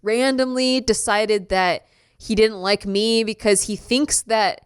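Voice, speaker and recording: A woman's voice: mid-range voice, steady tone, slow, clear, resonant tone. A woman hosting a podcast in casual chat, reflective at times and teasing her co-host.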